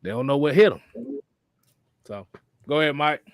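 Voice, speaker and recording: A man with a fairly high voice hosts a casual sports talk show. He talks with profane, laughing energy. The sound is dry and close to the mic. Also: moderate pace, no echo. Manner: profane, laughing, animated banter. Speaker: podcast host.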